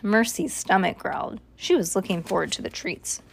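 A woman reading a children's book aloud in a lively, expressive way. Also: mid-range voice, moderate pace, vocal fry, breathy edge. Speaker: storyteller.

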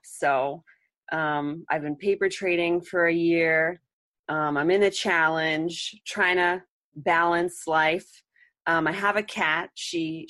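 A woman's voice: lowish voice, a bit bright, no room sound, clean studio sound. A woman in her thirties chatting as an interview guest, rambling with lots of "like" and "um" and a wry sense of humor. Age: 30s. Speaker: interview guest, trading contestant. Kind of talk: casual interview chat.

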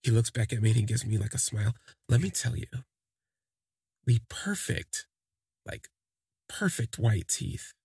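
Guy telling a story all loose and rambly, gravelly husky voice, dry close sound. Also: lowish voice, brisk, dark tone, no echo. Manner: rambling, full of "like" and "you know". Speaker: podcast storyteller. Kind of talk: casual first-person storytelling.

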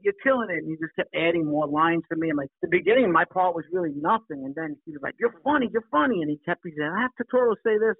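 High fast-talking man, phone-line sound. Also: no room sound. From New York. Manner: animated storyteller acting out quoted voices. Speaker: actor guest. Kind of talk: casual storytelling interview.

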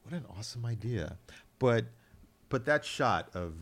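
A man co-hosting a casual chat, with drawn-out exclamations and playful retellings. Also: mid-range voice, animated. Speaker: podcast co-host.

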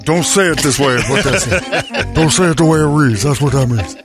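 A man's voice: fairly high pitch, animated, moderate pace, over music. A man hosting a sports radio show, full of brash, teasing trash talk and joking banter.

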